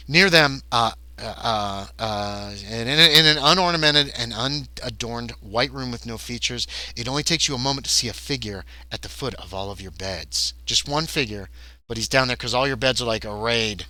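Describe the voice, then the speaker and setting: A man running a tabletop horror game as game master, narrating in an animated way with some filler restarts. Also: mid-range voice, no room sound.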